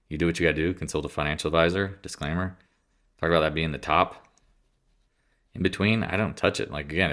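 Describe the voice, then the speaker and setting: A man's voice: sits low, fairly bright tone. A congested man giving casual, rambling market commentary, bluntly and offhandedly, often interrupting himself. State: congested, clearing throat.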